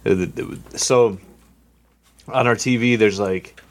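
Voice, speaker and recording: A man's voice: mid-range voice, fairly even intonation, slow pace. A man co-hosting a podcast in casual chat, telling stories in a rambling way with lots of fillers. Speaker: podcast co-host.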